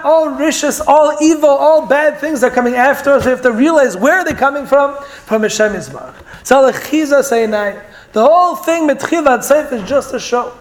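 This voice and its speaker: A man giving an earnest Torah lecture in English, mixing in Hebrew and Yiddish terms as he tells stories and explains verses. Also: extremely high pitch. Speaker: Torah teacher.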